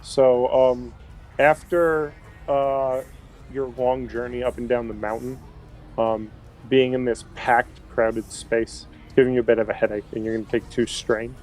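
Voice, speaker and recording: A man's voice: medium pitch, little pitch movement, a little mellow. Guy running a tabletop game, lots of ums, mid voice, faint music behind. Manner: filler-heavy, unhurried narration. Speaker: game master.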